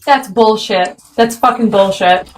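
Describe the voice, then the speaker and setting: A woman's voice: a little high, measured pace, faint music behind, low-quality recording. A woman hosting a livestream chat, telling stories animatedly and swearing freely. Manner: profane, animated storyteller. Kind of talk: casual heated chat.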